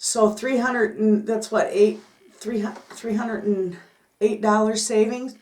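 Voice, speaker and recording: A middle-aged woman vlogging about her homestead, telling a story to the camera in an excitable, chatty way. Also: a little high, measured pace. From Michigan, United States. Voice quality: chatty, excitable, repeats "I said" often. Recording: echoey room.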